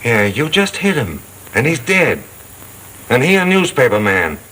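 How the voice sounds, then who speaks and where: A man's voice: mid-range voice, sing-song, measured pace, bright, forceful tone, heavily acted, rough recording. An actor in a 1930s film playing a blunt man who gives a fugitive urgent, clipped advice. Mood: stern. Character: blunt male fixer advising a fugitive. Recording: old film soundtrack with faint hiss.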